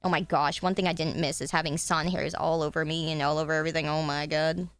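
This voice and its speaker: A young woman streamer chatting casually at her desk, swearing freely and breaking into loud joking rants. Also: low voice, flat delivery, fast talker, clear, resonant tone. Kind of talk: casual live-stream chat.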